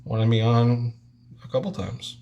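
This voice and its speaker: A man's voice: medium pitch, little pitch movement, measured pace, vocal fry, warm tone, dull audio. A middle-aged man co-hosting a live stream, teasing and joking about himself. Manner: dry, self-deprecating teasing. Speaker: co-host, artist. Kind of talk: casual live-stream banter.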